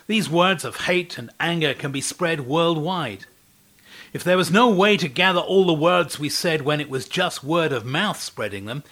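In a sharp-toned, somewhat high voice, a preacher delivers a devotional talk, recounting a scripture story and posing rhetorical questions to the listener.

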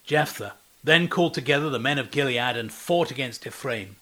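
A man's voice: medium pitch, normal speed, a bit bright. A man giving a devotional talk as a preacher, telling a scripture story and asking the listener rhetorical questions.

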